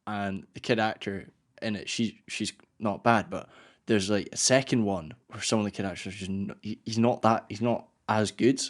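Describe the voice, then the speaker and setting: A man co-hosting a podcast in casual chat, relaxed and rambling, with plenty of "uh" and "like" and frequent laughs. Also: lowish voice, normal speed. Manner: relaxed and rambling, full of fillers like "uh" and "like", laughs often. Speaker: podcast co-host.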